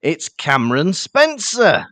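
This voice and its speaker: A man's voice: on the high side, wildly swooping pitch, slow, pushed and bright, no room sound. A man co-hosting a podcast in easygoing casual chat, introducing listener requests. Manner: easygoing, reads out listener names. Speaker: podcast co-host.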